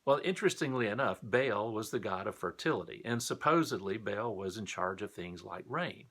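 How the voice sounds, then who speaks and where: A man's voice: on the low side, lively intonation, normal speed, fairly bright tone. A man teaching a recorded Sunday school lesson, telling a Bible story in a friendly, explanatory way.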